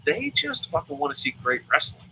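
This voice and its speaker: A man hosting a casual wrestling review, talking in animated bursts and swearing freely. His voice is bright and lively, rising and falling a great deal. A faint room ambience sits behind him. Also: on the high side, fairly quick, slight background noise, rough recording. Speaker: wrestling review show host. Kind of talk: casual chat.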